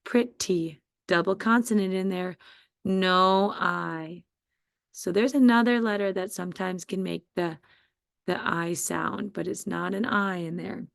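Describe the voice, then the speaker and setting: A woman's voice: on the low side, unhurried, gravelly, no room sound, studio quality. A woman teaching a phonics spelling lesson to children, patiently sounding out letters and syllables one at a time.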